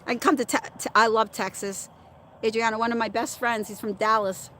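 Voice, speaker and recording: A middle-aged woman hosts a relaxed livestream, talking straight to her viewers and laughing often. Her voice sits a little high for a woman, and a faint hum of noise runs underneath. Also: fairly quick. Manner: chatty, laughs often, talks back to commenters by name. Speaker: livestream host reading viewer chat. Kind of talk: casual livestream chat.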